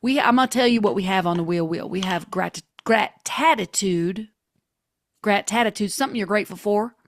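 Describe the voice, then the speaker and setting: A woman's voice: medium pitch, moderate pace, no room sound, clean studio sound. A woman hosting an online creativity workshop over a video call, talking in an enthusiastic, playful way. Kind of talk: playful online group session.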